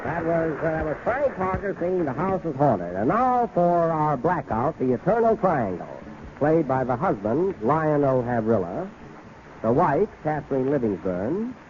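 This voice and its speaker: A man's voice: on the high side, very animated, measured pace, background noise. A man hosting a scripted radio comedy show, breezy and wry, on a tinny 1930s broadcast. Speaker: comedian host.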